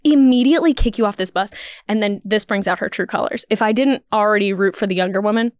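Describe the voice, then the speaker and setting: A woman hosting a podcast, telling a funny story in an animated, wry, riffing way. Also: mid-range voice, fast talker, dry recording, studio quality. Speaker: podcast host. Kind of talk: comedic storytelling.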